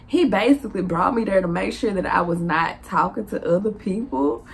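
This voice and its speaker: A young woman with a Southern US accent telling a lively storytime to her vlog viewers, laughing and acting out the dialogue with big jumps in pitch. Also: brisk, hardly any pauses. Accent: Southern US (Memphis). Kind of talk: animated storytime monologue.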